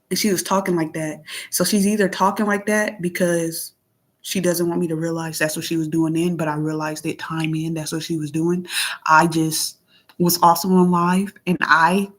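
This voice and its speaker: A woman vlogger venting in a casual monologue, reading out text messages and commenting on them in a plainspoken, aggrieved way, often clearing her throat. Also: lowish voice. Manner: plainspoken, aggrieved, repeats herself.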